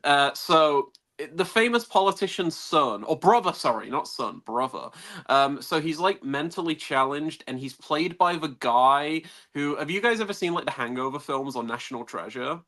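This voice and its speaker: A man in a casual film podcast chat, rambling and animated, restarting sentences and laughing often. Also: on the high side, normal speed.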